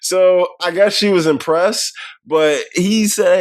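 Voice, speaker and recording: A man's voice: high voice, slow, dry recording. Male podcast co-host, casual and profane, acts out scenes while recapping; dry, close recording. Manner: animated retelling, acts out characters' lines. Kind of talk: casual film review chat.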